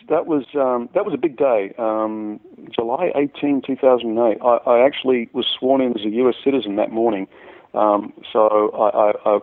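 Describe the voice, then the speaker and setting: An Australian man spins lively stories from his career. He stumbles over and repeats words as the tales tumble out. His voice comes through a thin, phone-like line at a middle pitch. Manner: animated storyteller who repeats words as he goes. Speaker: musician guest. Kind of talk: casual anecdote telling.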